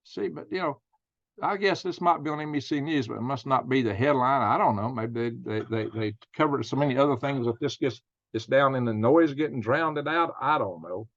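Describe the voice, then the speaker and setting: A man's voice: mid-range voice, brisk, no echo, lo-fi sound. A man hosting his own channel, reading news items aloud and musing on them with folksy slang and rhetorical questions. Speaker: channel host.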